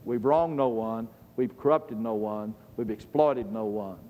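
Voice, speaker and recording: Emphatic preacher in a reverberant hall. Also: male voice, on the low side, measured pace, warm tone. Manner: emphatic, asks the audience questions and answers them. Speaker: preacher teaching a Bible lesson. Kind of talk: sermon-style Bible lesson. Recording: long reverb of a large hall.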